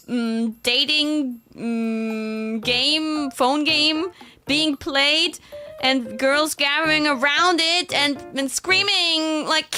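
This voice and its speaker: A woman's voice: sits high, bright, forceful tone. A young woman chatting casually on her stream, rambling with fillers and frequent giggles. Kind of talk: casual chat.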